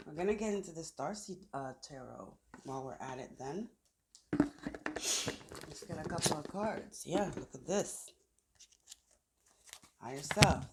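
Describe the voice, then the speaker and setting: A woman's voice: low-pitched, heavy background noise. A woman giving a casual tarot reading, thinking aloud as she pulls cards outdoors in the sun. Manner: chatty, thinks aloud while pulling cards. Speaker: tarot reader.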